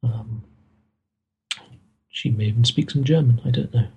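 Husky-voiced man running a tabletop game. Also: mid-range voice, a little mellow, muffled recording. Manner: hesitant, halting, chuckling. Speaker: game master.

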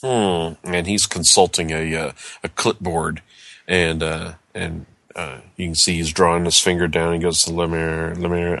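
A man narrating as game master, describing scenes in a halting way. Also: low-pitched, flat delivery, creaky, a bit bright, dry recording. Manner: halting, descriptive, searches for words.

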